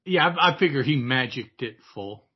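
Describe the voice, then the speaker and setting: Male podcast co-host, husky and halting, muffled lo-fi sound. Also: mid-range voice, expressive. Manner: hesitant, restarts and fillers. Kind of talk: casual comic book discussion.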